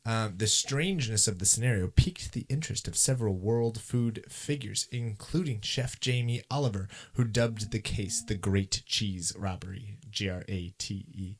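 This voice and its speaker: A man's voice: lowish voice, moderate pace, hardly any pauses. A man co-hosting a casual podcast, reading news stories aloud with jokes and tripping over long words. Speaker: podcast co-host.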